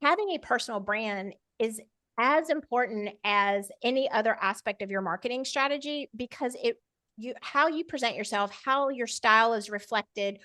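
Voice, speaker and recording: A middle-aged woman talks on a podcast as a guest. She is energetic and persuasive, her voice sits a little high, and it comes across dry and close. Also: moderate pace, no room sound. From Georgia, US. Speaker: podcast guest, media consultant. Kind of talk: casual interview chat.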